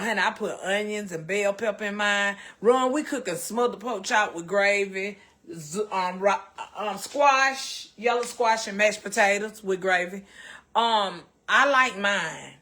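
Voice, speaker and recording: On her casual cooking livestream, a Southern American woman folksily addresses her viewers as baby and child. She has a medium-pitched, slightly bright voice and a somewhat slow pace.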